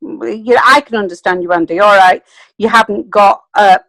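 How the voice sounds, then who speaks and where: A woman's voice: mid-range voice, moderate pace, a bit bright, no echo, rough recording. Chatty woman on a dry call line. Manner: chatty, playful. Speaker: meeting participant. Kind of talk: casual group call chat.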